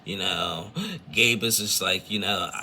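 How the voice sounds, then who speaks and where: Low-voiced guy recapping a reality show, rambly, bright edgy tone, faint hiss behind. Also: steady tone, unhurried, creaky. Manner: rambling, filler-heavy, retells scenes with quotes. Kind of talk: casual recap commentary.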